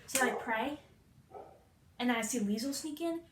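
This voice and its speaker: A young woman retelling a musical in a fast, playful, slangy way, acting out the quotes, recorded in a room with faint noise. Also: a little high, roomy sound. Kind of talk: hyper comic retelling.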